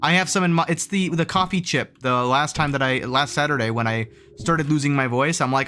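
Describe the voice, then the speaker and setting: A man's voice: fairly high pitch, fairly quick, few pauses, pushed and bright. A man streaming live, chatting casually with his viewers in a rambling way, full of restarts and fillers. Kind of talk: casual livestream chat with viewers.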